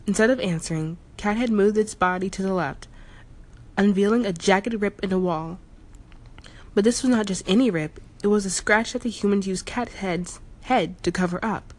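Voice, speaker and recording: A woman's voice: mid-range voice, moderate pace. A woman reading a fantasy story aloud as narrator, telling it steadily with the odd slip and retake. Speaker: audiobook narrator.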